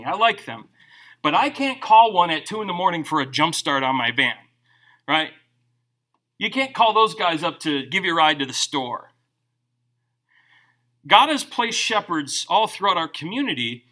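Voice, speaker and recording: A middle-aged male pastor preaching a sermon, joking and acting out quotes as he tells stories. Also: sits high. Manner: animated, joking storyteller who acts out quotes.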